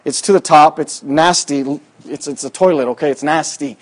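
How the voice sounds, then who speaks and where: A man's voice: fairly high pitch, normal speed. A man preaching a sermon, telling a personal story in a folksy, rambling way with many fillers, in a church. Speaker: pastor.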